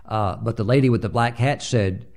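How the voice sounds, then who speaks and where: A man's voice: on the low side, moderate pace, gravelly, a little mellow. A man preaching a sermon, telling a story with many filler uhs and acting out the voices he quotes.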